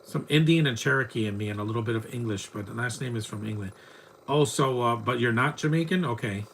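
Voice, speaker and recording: A man's voice: medium pitch, fast, a bit bright, slight background noise. Chatty man riffing on a bad movie. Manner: rambling, chatty, mocking the film. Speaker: movie commentary host. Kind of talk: casual live movie commentary.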